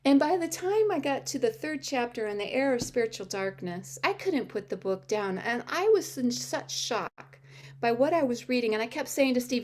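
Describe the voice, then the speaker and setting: Telling a church congregation her testimony, this middle-aged woman keeps a moderate pace. She performs the dialogue she quotes with real animation, now and then bursting into high-pitched exclamations.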